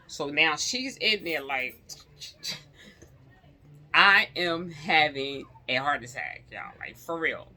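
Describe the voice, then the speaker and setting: Woman vlogger, casual storytelling to camera; lively, bright-toned delivery. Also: deep voice. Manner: animated, chatty, laughs often, addresses viewers directly.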